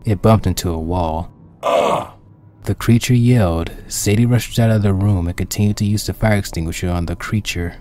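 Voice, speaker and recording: A man reading his own dark pony fan story aloud as the narrator, in a steady, plain storytelling manner. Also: on the low side, moderate pace.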